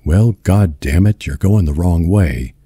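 A man voicing a drunk, hostile vigilante who barks orders in a gruff bullying drawl, in a storybook reading. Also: low voice, a little slow, dark tone, no room sound, studio quality.

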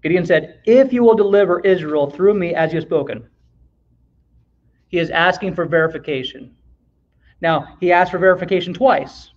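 A man with a high voice leads a Bible lesson in a relaxed, conversational way. He reads verses aloud, stops to ask the class questions, and adds the odd joke. The sound is dull and lo-fi. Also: normal speed, long pauses.

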